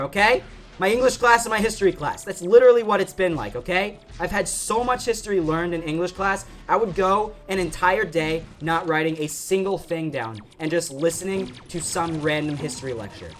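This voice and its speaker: A teenage boy giving casual, rambling commentary over his gameplay, excitable and full of asides. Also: high-pitched, normal speed, soft background music. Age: teens. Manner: rambling and excitable, often saying okay and freaking. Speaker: gaming YouTuber.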